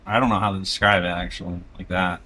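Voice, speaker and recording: A man's voice: sits low, level tone, quick pace, pushed and bright. A man from South Florida streaming as a VTuber, chatting casually and rambling while he draws, chuckling often and poking fun at himself. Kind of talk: casual chat while drawing.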